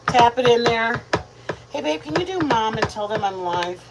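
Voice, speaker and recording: Broadcasting live from her home kitchen, a woman cooks and rambles to her audience, calling them "you guys." Her voice is slightly high and animated, her speed is normal, and the recording is very noisy.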